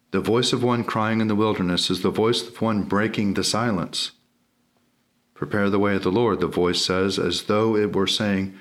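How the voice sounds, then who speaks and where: Measured low-voiced man reading a sermon. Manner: measured, reverent. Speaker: reader. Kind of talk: solemn liturgical reading.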